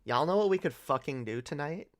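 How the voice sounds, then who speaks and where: A young woman hosts a late-night livestream, talking casually in a sarcastic, profane rant and laughing often. Her voice is low-pitched, expressive, and brisk.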